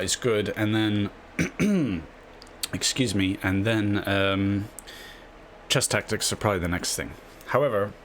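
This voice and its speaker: Low-voiced man rambling through chess tips. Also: fairly bright tone, a little hiss or hum. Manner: rambling, tags lines with a questioning "yeah?". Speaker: chess video host. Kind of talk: casual screen-share explainer.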